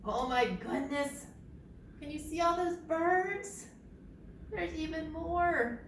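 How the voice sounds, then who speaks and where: A woman's voice: very high voice, slow pace, a little hiss or hum. A young adult woman, a children's librarian, leading a preschool storytime in a library, sing-song and calling on the children to join in. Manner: sing-song, leads children in bird sounds and movements. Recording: echoey room, distant mic, faint ambience.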